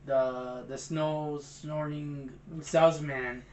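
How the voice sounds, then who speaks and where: A young man co-hosting a movie review, retelling the plot quickly and excitedly. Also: on the high side, echoey room, slight background noise. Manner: excited, fast retelling, says "bro". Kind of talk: casual movie chat.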